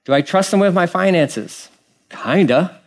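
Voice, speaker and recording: A pastor preaching a sermon, acting out quoted voices and moving between loud outbursts and hushed lines. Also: male voice, high voice, a little slow.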